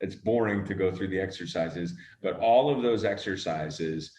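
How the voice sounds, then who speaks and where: A man with a very low voice talks through his working habits as an interview guest, pausing often with fillers and restarting sentences. He drops the odd casual swear word. The room around him is echoey. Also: darkish tone. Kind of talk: relaxed conversational interview.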